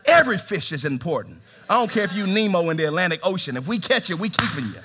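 A man preaching a sermon in a church, animated, with swings from shouts to hushed tones and humor aimed at the congregation. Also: high voice, fast, very noisy. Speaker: pastor. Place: church sanctuary.

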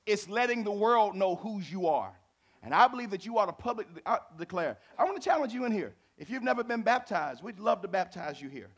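A man preaching a sermon in a folksy, conversational way, talking straight to the congregation and swinging from loud declarations to hushed asides. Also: high voice, sing-song, fairly quick. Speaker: pastor.

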